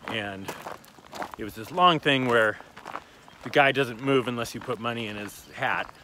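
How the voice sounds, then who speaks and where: Animated comedian telling stories outdoors. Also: male voice, a little slow, slight background noise. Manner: animated storyteller, jumps into high voices for quotes. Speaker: comedian guest. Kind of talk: casual outdoor chat while hiking. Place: outdoors on a hiking trail.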